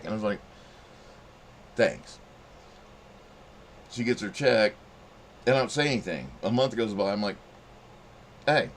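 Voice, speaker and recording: A man's voice: fairly low pitch, lively intonation, unhurried, long pauses, slight background noise. A middle-aged man telling a rambling, profane story in casual monologue, acting out quotes in a raised voice. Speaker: channel host telling a story.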